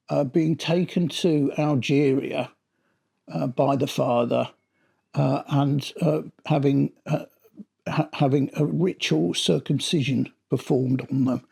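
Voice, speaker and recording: A man's voice: fairly high pitch, creaky, a little mellow, breathy edge. A middle-aged man giving a casual, rambling spoken review of a vinyl album, often restarting his sentences. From Britain.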